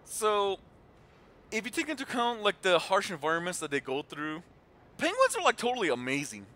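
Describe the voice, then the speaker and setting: A man in his thirties talks casually over his game stream, rambling with many fillers and restarts. His voice sits high and swings widely in pitch. It has a bright, forceful edge. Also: fairly quick. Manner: animated retelling with voiced quotes. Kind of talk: casual chat while gaming.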